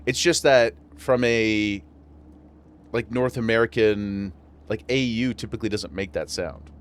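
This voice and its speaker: Streaming a game, this western New York man keeps the talk casual and laughs a lot, his regional accent clear. He speaks at a measured pace in a fairly low voice.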